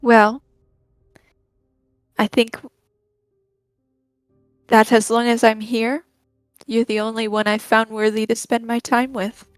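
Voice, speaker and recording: A young woman playing her character in a tabletop game, soft and hesitant. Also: fairly high pitch, little pitch movement, slow pace, pauses often, clean tone, no echo, soft background music. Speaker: player.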